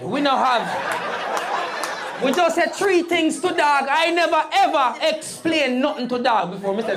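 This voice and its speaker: A Jamaican woman doing animated stand-up storytelling in patois on a comedy stage. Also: sits high, unhurried. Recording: live crowd laughing.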